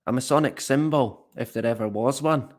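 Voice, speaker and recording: A man's voice: mid-range voice, normal speed. A man hosting a live stream, talking casually and rambling, mocking the stories he covers, swearing now and then, and reading out the chat.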